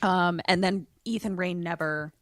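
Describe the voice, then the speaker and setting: A woman's voice: lowish voice, unhurried. A woman co-hosting a podcast, chatty and jokey, often trailing off and restarting as she talks. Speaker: podcast co-host. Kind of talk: casual chat.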